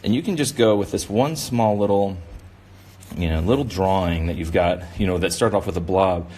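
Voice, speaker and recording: A man's voice: low-pitched, moderate pace, darkish tone. A man running a casual drawing demonstration for kids, rambling and encouraging, with lots of filler words. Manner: rambling, encouraging, full of "you know" fillers. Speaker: kids' drawing instructor.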